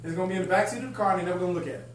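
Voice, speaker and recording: A man giving a lively, excitable sales training talk to a live group, chatting and joking with the room. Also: sits high, very fast. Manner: energetic, excitable, chatty, jokes with the audience. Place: function room at a country club event. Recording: echoey room, distant mic, faint hum.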